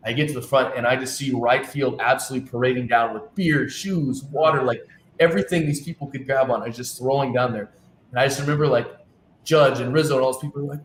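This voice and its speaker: Man telling lively anecdotes, echoey room. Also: mid-range voice, quick pace, a little hiss or hum. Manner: animated anecdotes, acting out quoted dialogue. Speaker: team travel director, guest. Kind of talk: casual storytelling interview. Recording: echoey room with faint ambience.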